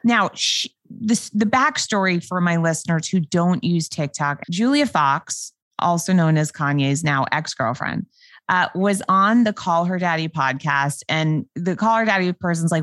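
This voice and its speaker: A woman from New York hosting a podcast, talking casually and animatedly with a New York accent and vocal fry, laughing often. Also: on the low side, expressive, measured pace, fairly bright tone, no echo. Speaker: podcast host.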